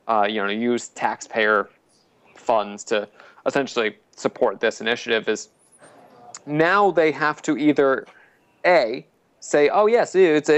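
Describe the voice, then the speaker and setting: A man hosting a casual podcast, rambling with many fillers and frequent laughs. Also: mid-range voice. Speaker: podcast host.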